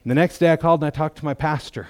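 This church testimony comes from a middle-aged man whose darkish voice sits on the high side and stays steady as he talks very fast. His manner is folksy and chatty, laced with self-deprecating humor, and the recording is dry.

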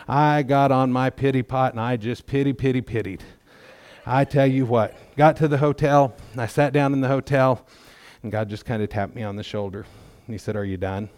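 A man's voice: medium pitch, steady tone, moderate pace, a little mellow, dry recording. A middle-aged man giving a testimony in church, talking in a folksy, conversational way with self-deprecating humor. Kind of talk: sermon testimony.

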